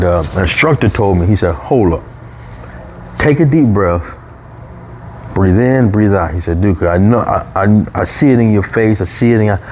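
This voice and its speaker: A man with a fairly low voice tells a personal story in a relaxed, conversational way. He gets animated and jumps up high when he quotes other people. A faint hum sits behind him. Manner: animated, raises pitch when quoting coworkers. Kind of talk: casual storytelling.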